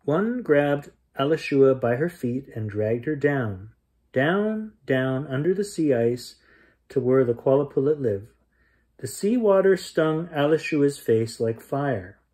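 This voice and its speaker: A man's voice: mid-range voice, unhurried. Man reading a bedtime story aloud. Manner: animated reading, raises voice for yelled lines. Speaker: storyteller reading a children's book. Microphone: camera mic, close to the camera.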